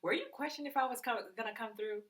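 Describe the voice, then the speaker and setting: A woman in her thirties co-hosting a couple's podcast, telling stories in a teasing, animated way. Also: on the high side, rapid-fire, poor audio. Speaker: podcast co-host. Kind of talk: casual couple chat.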